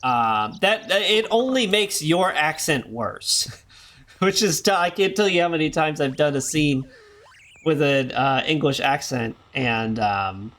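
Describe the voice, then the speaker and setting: A man's voice: fairly high pitch, animated, a little slow, fairly bright tone. A man streaming a game, talking in rambling casual commentary full of jokey asides. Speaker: gaming streamer.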